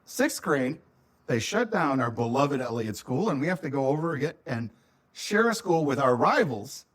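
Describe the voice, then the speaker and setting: A middle-aged man from Minnesota co-hosts a casual podcast with an old friend. He tells childhood stories in an animated way and laughs often. His voice swings widely in pitch at a mid-range level. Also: moderate pace, breathy edge. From Minnesota, USA. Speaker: podcast co-host.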